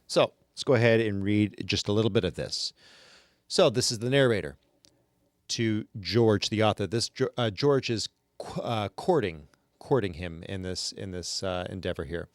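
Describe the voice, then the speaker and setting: A man's voice: fairly low pitch, moderate pace, no echo, clean studio sound. A man hosting a casual book discussion, talking through a chapter conversationally. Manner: conversational, with frequent restarts and fillers. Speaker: podcast host leading a book discussion.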